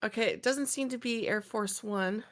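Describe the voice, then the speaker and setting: A woman's voice: fairly high pitch, moderate pace. A woman co-hosting a podcast in casual chat, playfully correcting details with trivia. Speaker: podcast co-host.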